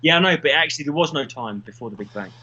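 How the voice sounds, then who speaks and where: A man's voice: on the high side, lively intonation, racing, sharp tone, lo-fi sound. A man, co-hosting a podcast in casual chat, rambling through stories and swearing freely. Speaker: podcast co-host.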